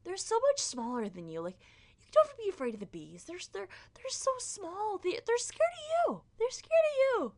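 A woman putting on her mother's voice: a gentle, repetitive mom calming a scared child. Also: very high-pitched, moderate pace, voice pushed up, exaggerated voice. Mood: soothing. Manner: soothing, repetitive.

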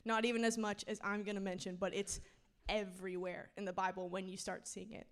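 A woman's voice: medium pitch, level tone, brisk. A young woman giving a casual, slangy sermon, chatty and laughing often. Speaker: preacher.

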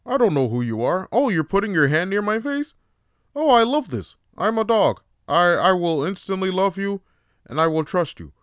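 A man voicing an overjoyed, friendly dog that is eager to please and gushes with excitement. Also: sits high, normal speed, clear, resonant tone, no room sound, studio quality, pitched above the performer's own voice. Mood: gushing. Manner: gushing, breathless excitement.

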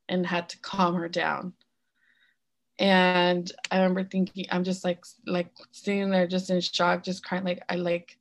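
Her voice is lowish and gravelly as this podcast co-host recounts something personal. She doesn't hold back, swearing freely and filling her speech with fillers while mixing in phrases from another language partway through sentences.

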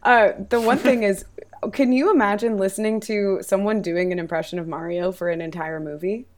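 A woman's voice: mid-range voice, moderate pace, darkish tone, a little hiss or hum. A woman in a casual group chat, talking with wry, dry humor.

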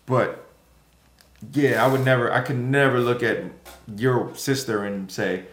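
A man's voice: mid-range voice, a little slow, fairly bright tone. A man from Jamaica co-hosting a casual podcast, teasing his co-host as he quizzes her on a word. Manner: playful, teasing quiz-master. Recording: echoey room.

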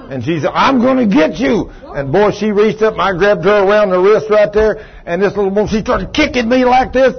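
A man, a pastor preaching a sermon, telling a story in a low voice and then rising loud and emphatic. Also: highs cut off. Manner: swings from low quiet telling to loud raised retelling. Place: church sanctuary.

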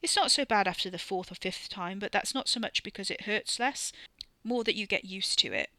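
A crude young man talks bluntly and offhandedly, swearing as if it costs him nothing, as a woman reading the book puts him on. The voice comes across bright and close, with no room around it. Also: mid-range voice, fairly quick, no echo. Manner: gruff, offhand, swearing casually.

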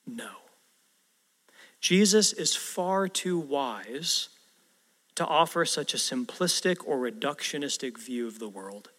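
A man's voice: mid-range voice, animated, takes it slowly, fairly bright tone. A male pastor preaching a sermon in a conversational way, putting rhetorical questions to the congregation. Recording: long reverb of a large hall.

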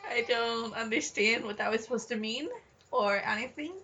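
A woman's voice: a little high, normal speed, sharp tone, highs cut off. A young woman co-hosting a casual movie podcast, easygoing and chatty, with lots of likes and fillers. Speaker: podcast co-host. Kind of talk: casual movie-watching chat.

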